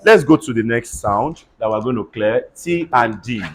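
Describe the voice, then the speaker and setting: A man's voice: medium pitch, animated, moderate pace. Man teaching pronunciation drills. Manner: spells words letter by letter and has the class repeat them. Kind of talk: classroom lesson with call-and-response drills. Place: classroom.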